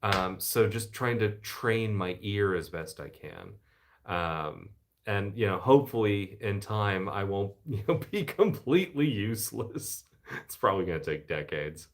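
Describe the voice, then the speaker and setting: A middle-aged American man with a baritone voice, hosting a relaxed live chat from his living room and reading out viewer comments. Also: unhurried. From United States. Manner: relaxed, chatty, enthusiastic asides. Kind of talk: casual live-stream chat. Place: home living room by the fireside.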